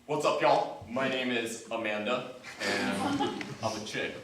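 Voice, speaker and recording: A woman's voice: a bass voice, unhurried, voice pushed down. A woman comedian voicing a cocky, slangy man in a live stand-up bit. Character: swaggering bro-ish man claiming to be trans. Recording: echoey room, far from mic, noisy.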